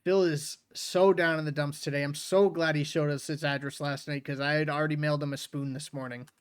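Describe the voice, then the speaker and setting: A man's voice: a little high, little pitch movement, brisk, clear, resonant tone, no echo, clean studio sound. A man giving mocking reaction commentary over a clip, sneering at the person on screen. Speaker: reaction streamer.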